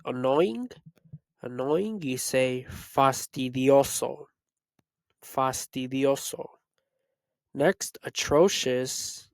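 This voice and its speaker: A man teaching Spanish, reading a vocabulary list and repeating each word slowly to drill it. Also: medium pitch, dry recording. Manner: slow, repetitive word-by-word drilling. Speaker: Spanish tutor. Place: Los Angeles area.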